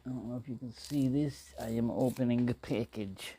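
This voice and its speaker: A man's voice: medium pitch, fairly even intonation, moderate pace, warm tone, slight background noise. A man talking casually to the camera as he cooks, rambling, talking to himself and answering in silly voices. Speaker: outdoor cooking vlogger. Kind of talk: casual talk to camera while cooking.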